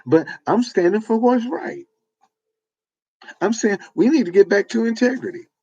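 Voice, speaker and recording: A man's voice: high-pitched, animated, moderate pace, darkish tone, slightly rough, dull audio. A man, delivering an informal preaching monologue with repetitive, emphatic phrasing. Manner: repetitive, emphatic, folksy street-preacher cadence. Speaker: online preacher.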